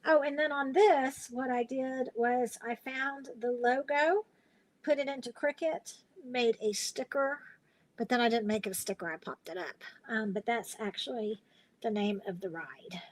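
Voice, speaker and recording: Middle-aged woman, chatty live-stream craft host, slightly high pitch, loose storytelling. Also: unhurried, low-quality recording. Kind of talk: casual live-stream chat.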